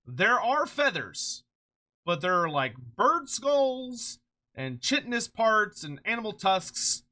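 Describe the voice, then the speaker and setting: A streamer chatting casually on a live stream, excitable and rambling, swearing freely and laughing often, short on sleep. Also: mid-range voice, slow pace. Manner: rambling with frequent restarts.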